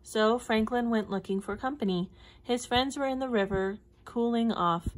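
A woman reading a children's picture book aloud in a clear, measured storytelling voice. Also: a little high. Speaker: storybook reader.

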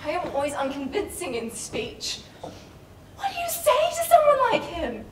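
A woman acting a lovesick, anxious young man in a stage play, with a lively, exasperated delivery. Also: very high-pitched, measured pace, full character voice. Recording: echoey hall, mic far off, faint noise.

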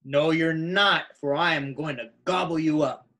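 A man's voice: fairly high pitch, moderate pace, sharp tone. A man voicing a mean, ugly male troll who threatens to gobble up the goats in a storybook reading. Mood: threatening.

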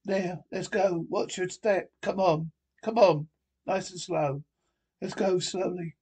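A man's voice: high voice, fairly even intonation, slow pace, a little mellow, husky. A man reading a film script aloud by himself, voicing every character with urgent, clipped lines. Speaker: script reader.

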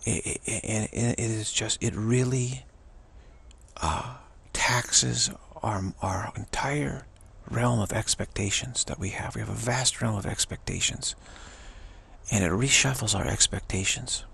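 Husky, gravelly man giving a spiritual pep talk. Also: fairly low pitch, fairly bright tone. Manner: earnest, repetitive, halting with restarts. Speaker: spiritual teacher.

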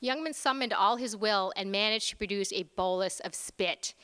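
A woman author reading her own fiction aloud at a conference, expressive and switching into character voices. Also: mid-range voice, moderate pace, clean tone. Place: large lecture hall. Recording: reverberant lecture hall.

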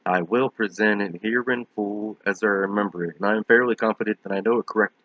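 A man giving a measured, solemn reading of a horror story. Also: on the low side, steady tone, dry recording. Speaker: reader. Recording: dull lo-fi recording.

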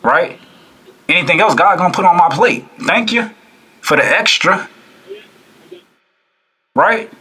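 His voice is high-pitched and breathy, and he speaks unhurriedly with long pauses. He hosts a reaction video, chatting preachily and animatedly to viewers while repeating himself and posing rhetorical questions.

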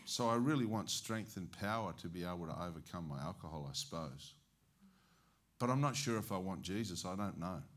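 A man's voice: low-pitched, animated, a little fast, a bit bright, pitched below the performer's own voice. A man retelling the words of a blunt, heavy-drinking man of nearly seventy, keeping his own everyday voice. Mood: frank.

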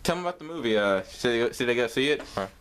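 A man's voice: medium pitch, lively intonation, racing, a bit bright, slight background noise. A young man filming behind the scenes, playfully interviewing the cast with jokes. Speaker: camera operator. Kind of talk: casual behind-the-scenes chat.

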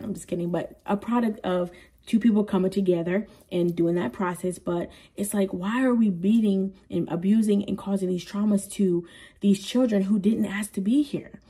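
Husky, mellow-voiced woman, earnest and rambling vlogger talking to camera. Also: medium pitch, moderate pace. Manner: earnest, rambling, with frequent "you know" asides. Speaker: parenting vlogger. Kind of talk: candid personal talk to camera.

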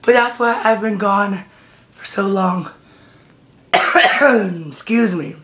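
A man giving a casual vlog update with a hoarse voice that is still recovering. He sounds out of breath, and he rambles and giggles, often restarting his sentences. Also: high-pitched, slow, sharp tone. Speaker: vlogger.

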